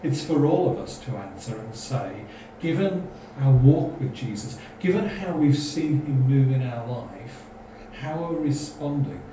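A man preaching a sermon, earnest and full of searching questions. His voice is mellow and dark. He sounds far from the mic in a heavily echoing hall, with faint noise behind. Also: medium pitch, animated, measured pace, hardly any pauses.

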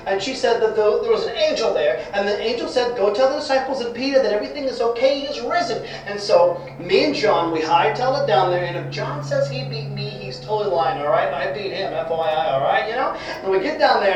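A man playing an excitable chatty fisherman. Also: high voice. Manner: rambling, excited, chatty with fillers. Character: excitable talkative male fisherman apostle. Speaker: actor in a played video skit. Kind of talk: comic church skit acting. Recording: echoey hall, from far off, faint noise.

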